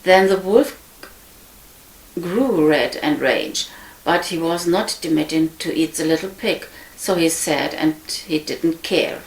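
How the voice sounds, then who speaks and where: Woman reading a fairy tale aloud, slow, slightly low voice, occasional stumbles, echoey room. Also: vocal fry. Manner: unhurried, with frequent slips and restarts. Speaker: storyteller.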